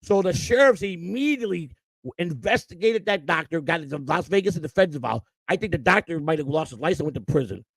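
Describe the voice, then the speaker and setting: A male host tells a story on his stream, blunt and profane, with plenty of swing in his delivery. His voice sits a little high and has a gravelly grain. It sounds close and dry. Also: expressive, fast talker, no room sound, poor audio. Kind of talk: casual storytelling on a live stream.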